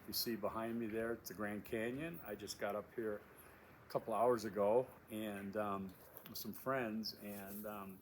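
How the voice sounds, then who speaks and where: A man's voice: fairly low pitch, fairly even intonation, measured pace. Emphatic male instructor outdoors in wind. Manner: emphatic, repeats key phrases, many fillers. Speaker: course instructor. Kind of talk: casual video course introduction. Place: outdoors at a windy canyon overlook.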